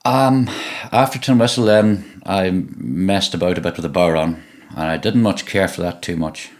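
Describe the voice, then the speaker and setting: A middle-aged man from Donegal talks with a broad local Irish accent and a very deep, low voice. He tells his stories in a relaxed, meandering way, stumbling over and repeating his words as he goes. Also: moderate pace. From Ireland (Donegal). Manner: relaxed storytelling, frequent repeated words and restarts. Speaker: musician guest. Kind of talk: conversational interview.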